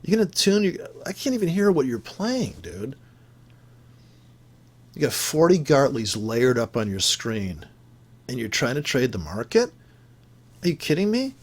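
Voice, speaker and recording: A man on a heated, swearing rant about trading, sarcastic and exasperated. His pitch swings widely, jumping between loud outbursts and low muttered asides. He has just woken up irritated and sounds it. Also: expressive, a little slow, long pauses, slightly rough. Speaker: forex trading vlogger. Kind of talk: profane ranting commentary over charts.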